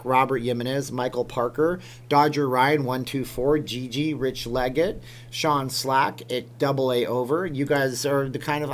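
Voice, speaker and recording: Chatty Canadian man hosting a livestream. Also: mid-range voice. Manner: chatty, rambling, reacts aloud to chat comments. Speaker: livestream host. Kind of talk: casual livestream chat reading comments. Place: home room with green screen.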